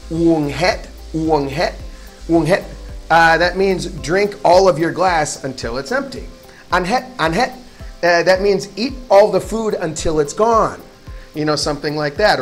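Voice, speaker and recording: A man giving a casual, chatty lesson, repeating words slowly for practice. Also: a little high. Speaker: language teacher.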